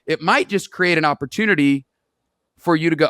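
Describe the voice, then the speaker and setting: A man's voice: fairly high pitch, brisk, fairly bright tone, clean tone, dry recording, clean studio sound. A man guesting on an interview podcast, an earnest storyteller who acts out quoted dialogue as he makes his points. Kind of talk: conversational interview.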